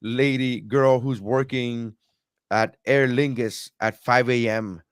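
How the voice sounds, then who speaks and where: A man's voice: medium pitch, fairly even intonation, slow pace, clear, resonant tone, no echo, clean studio sound. A man co-hosting a podcast, telling a long, rambling travel story with many restarts. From immigrant to America. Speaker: podcast co-host. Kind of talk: casual storytelling chat.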